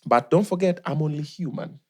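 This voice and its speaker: A man's voice: fairly high pitch, a little fast. A young man with a Kenyan accent, chatting animatedly as a podcast guest and mixing in Swahili slang. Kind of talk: casual chat.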